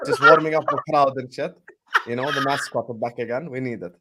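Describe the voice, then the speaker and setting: Dude hosting a football pod, talks fast, teases his mate, strong opinions. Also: medium pitch, heavy background noise. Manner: teasing, opinionated. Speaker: podcast host. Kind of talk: casual banter.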